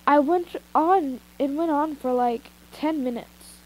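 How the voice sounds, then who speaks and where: She reads fanfiction slowly in a high-pitched voice, recorded on a phone with poor audio. It's an informal amateur story reading, full of asides and retakes.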